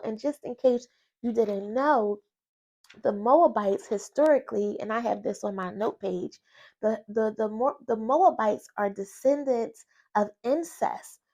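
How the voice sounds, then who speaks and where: A woman vlogger talking through a Bible story in a chatty, folksy way, with quick asides and laughs, into a personal microphone. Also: mid-range voice, highs cut off. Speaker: faith vlogger. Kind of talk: casual Bible study chat.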